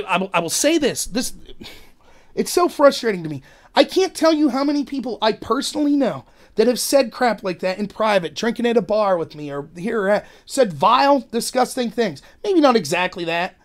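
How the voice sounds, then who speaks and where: A male podcast host with a high-sitting voice delivers an animated, rambling monologue of opinions. Along the way he acts out quotes in other voices.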